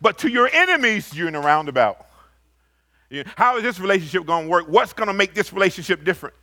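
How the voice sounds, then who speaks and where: Animated preacher with a bright, high voice. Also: male voice. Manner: animated, swings from loud emphatic rises to low quiet asides; reads scripture aloud slowly. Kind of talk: sermon.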